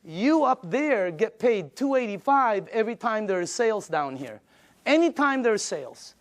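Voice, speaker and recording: An older man with a high voice delivering an emphatic sales pitch. He presses each point and acts out conversations with friends as he goes. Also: very animated, moderate pace. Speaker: business presenter. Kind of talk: sales presentation.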